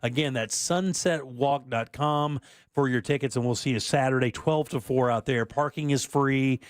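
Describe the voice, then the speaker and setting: A man's voice: mid-range voice, moderate pace, no echo. Host man, talk radio, sarcastic and upbeat, dry close mic. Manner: chatty, sarcastic, upbeat plugs.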